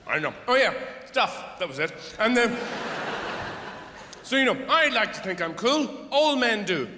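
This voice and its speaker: A man's voice: high-pitched, very animated, normal speed, bright, forceful tone, slight background noise. A middle-aged man performing stand-up comedy on stage, rambling and sardonic, swearing freely and breaking into outbursts. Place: live theater stage. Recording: echoey theater hall, faint audience.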